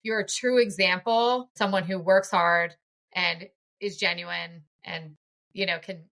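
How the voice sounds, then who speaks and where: A woman's voice: on the low side, steady tone, a little slow, a bit bright. A woman in her forties hosting a podcast interview, talking in an effusive, chatty way full of praise. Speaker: podcast host. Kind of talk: casual interview chat.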